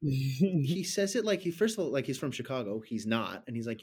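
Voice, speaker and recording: A man talking casually about a movie with friends. He rambles, gets animated and drops mocking asides. His pitch sits in a middle range for a man. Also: normal speed, husky. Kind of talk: casual film discussion.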